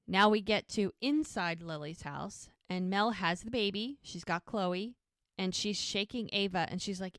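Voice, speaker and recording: A woman co-hosting a podcast, casually retelling scenes of a TV episode in an animated way and acting out the characters' lines. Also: medium pitch, moderate pace, no echo, studio quality. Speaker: podcast co-host recapping a TV show. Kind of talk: casual recap storytelling.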